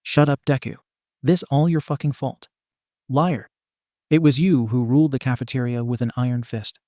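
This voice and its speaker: A man's voice: medium pitch, fairly even intonation, normal speed, darkish tone, no room sound, clean studio sound, close to an everyday voice. A man voicing a hot-tempered, foul-mouthed teenage boy who talks in an angry, insulting way.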